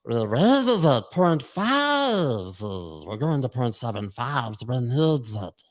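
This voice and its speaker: A man's voice: medium pitch, big pitch swings, unhurried. A man putting on a Smeagol-like creature voice as an impression of a central banker, drawn out and hissing. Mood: menacing. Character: Powell-style Fed chair in a sly Smeagol creature voice.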